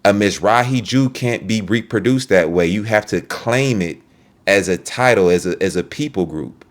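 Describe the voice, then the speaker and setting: A man's voice: lowish voice, moderate pace. A man recording a ranting commentary video, heated and profane, often repeating and restarting his words. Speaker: online video creator.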